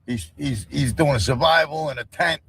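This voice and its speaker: A man's voice: a little high, normal speed, gravelly, fairly bright tone, a little hiss or hum, rough recording. A man talking as a guest on a livestream in casual chat, rambling and repeating himself. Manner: rambling, repeats "you know what I mean".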